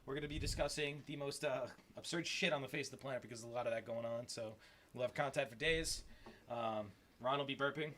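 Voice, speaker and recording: A man's voice: mid-range voice, fast talker, fairly bright tone, a little hiss or hum. A man hosting a podcast, joking crudely and teasing his co-hosts. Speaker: podcast host. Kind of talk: casual chat.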